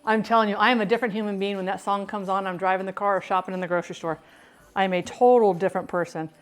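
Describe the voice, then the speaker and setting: A woman's voice: mid-range voice, steady tone, very fast, faint music behind. A woman chatting casually while she cooks, rambling and interrupting herself, from the United States. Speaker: home cook and streamer. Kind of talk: casual cooking chat.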